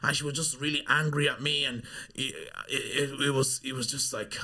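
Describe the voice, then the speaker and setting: Gravelly, bright-voiced man telling stories. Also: mid-range voice, a little fast. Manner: animated, acts out the voices of people he quotes. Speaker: podcast guest. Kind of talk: casual storytelling.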